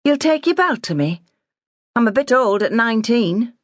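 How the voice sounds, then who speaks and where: A woman plays a sharp, defiant nineteen-year-old farm girl. Her voice rides higher than the narrator's own and snaps back with sarcasm, in a dry storybook reading. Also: big pitch swings, moderate pace, no room sound.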